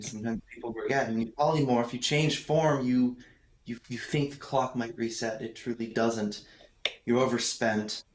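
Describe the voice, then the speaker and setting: A man narrating as game master, describing scenes at length and pausing often to search for words. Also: mid-range voice, steady tone. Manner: descriptive, hesitant, with fillers. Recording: roomy room sound.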